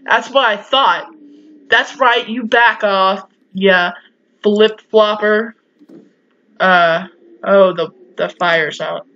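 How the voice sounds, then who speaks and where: A woman's voice: medium pitch, animated, slow, a bit bright, highs cut off. A young woman playing a horror game, chatting, talking back to the game and shrieking and swearing at the scares. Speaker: gaming YouTuber. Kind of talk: let's play commentary.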